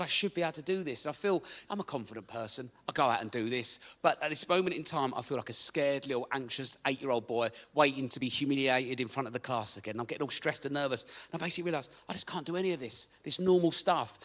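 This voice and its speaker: Stand-up comic, man, bright tone, animated and sweary. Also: a little high. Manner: animated storytelling, swearing, acted-out shouting. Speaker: stand-up comedian. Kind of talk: stand-up comedy routine. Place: comedy venue stage.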